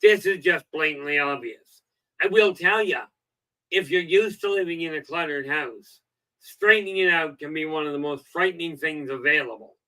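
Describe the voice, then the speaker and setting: A man's voice: a little high, moderate pace, bright, forceful tone, rough recording. A middle-aged man hosting a self-help livestream, rambling in a folksy way with lots of "okay" and "you know," and telling jokes. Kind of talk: casual livestream talk.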